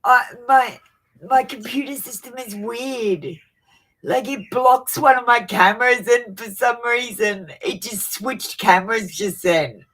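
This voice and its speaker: A woman giving a live-streamed tarot reading on a webcam, flustered and apologetic about her setup before settling into steady predictions. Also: on the high side, a little slow. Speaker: tarot reader.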